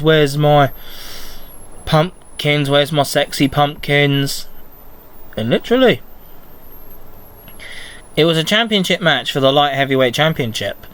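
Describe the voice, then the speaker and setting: A man hosting a casual solo podcast, recapping in a rambling, excitable fan's manner. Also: on the high side, smooth. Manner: rambling, excitable fan chatter. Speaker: podcast host.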